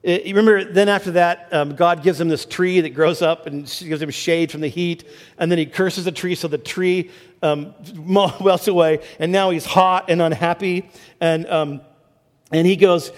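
A high-voiced man preaching a sermon to his congregation. He talks in an animated way, restarting phrases and climbing in pitch to drive a point home. His voice rings with the long reverb of a large church hall. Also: normal speed. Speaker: pastor.

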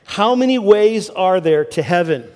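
A man preaching a sermon as pastor, animated, often restarting phrases and rising in pitch for emphasis. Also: unhurried, long reverb tail.

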